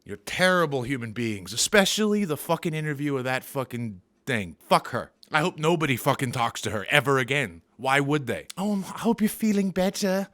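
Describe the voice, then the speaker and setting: A man's voice: mid-range voice, big pitch swings, a little fast, hardly any pauses, bright, forceful tone. A man doing an angry, profane, sarcastic comedy rant as a vlogger.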